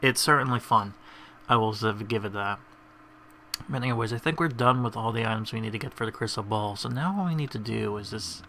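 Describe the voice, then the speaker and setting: A man's voice: fairly low pitch, a little fast, sharp tone, slight background noise. A man giving rambling, casual commentary over a video game, chuckling between tangents. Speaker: gamer.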